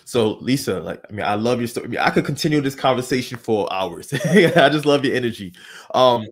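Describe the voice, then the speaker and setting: A man's voice: mid-range voice, lively intonation, brisk, breathy edge. A man hosting a podcast interview, easygoing and affirming as he leads the conversation. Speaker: podcast host.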